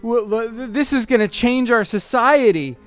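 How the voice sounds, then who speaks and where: A zealous female librarian, put on by a man, in a high, breathless voice that stammers and then turns fervent. The tone is clean and smooth, with faint guitar music underneath. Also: unhurried. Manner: gasping, hesitant, then fervent. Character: startled, reverent female librarian, middle-aged.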